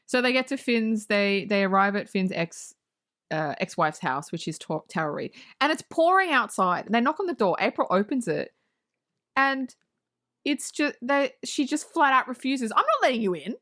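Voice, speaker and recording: A woman's voice: a little high, sing-song, normal speed, a bit bright. A woman co-hosting a podcast, recapping a movie plot in casual chat with sarcastic, swear-filled asides. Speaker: podcast co-host.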